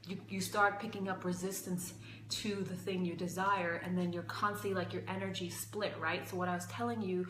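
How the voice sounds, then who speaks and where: A woman's voice: on the low side, flat delivery, brisk, reverberant, background noise. A young adult woman teaching as a life coach in a casual livestream, talking emphatically and repeating phrases, a bit out of breath.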